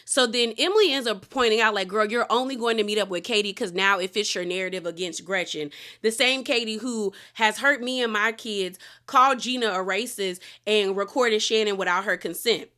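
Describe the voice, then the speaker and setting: A woman's voice: medium pitch, a little fast. A woman casually recapping a reality show episode, retelling scenes with slangy asides and quoted lines. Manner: animated retelling, quoting cast members with slangy asides.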